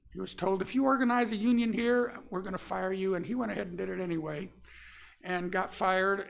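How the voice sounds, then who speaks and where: Gravelly older man telling a sermon story. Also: high voice. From Florida. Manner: relaxed and folksy, with frequent pauses and fillers. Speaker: minister. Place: church sanctuary.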